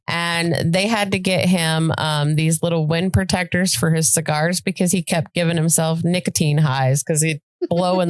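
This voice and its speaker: A woman's voice: fairly low pitch, no echo. A woman co-hosting a podcast, chatting casually and teasingly. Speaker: podcast co-host. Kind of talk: casual chat.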